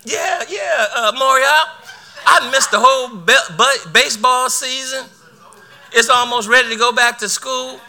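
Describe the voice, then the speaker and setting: A man's voice: very high-pitched, a little slow, bright, forceful tone. A middle-aged man preaching a sermon, telling a personal story with laughter and repeated words.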